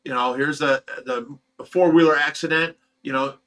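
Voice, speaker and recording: A man speaks straight to his viewers, retelling a hard personal story in loose, emotional, run-on sentences. His voice sits a little high and comes across bright and pushed. The delivery is raw and unpolished. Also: fairly even intonation, normal speed. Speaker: host of a fish rescue channel.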